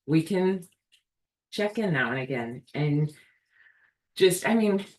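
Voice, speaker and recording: A woman's voice: deep voice, lively intonation, takes it slowly, a little hiss or hum. A woman hosting a live video Q&A for her ministry, talking earnestly and thinking aloud. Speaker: host of a healing ministry. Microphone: video call. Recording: echoey room, distant from mic.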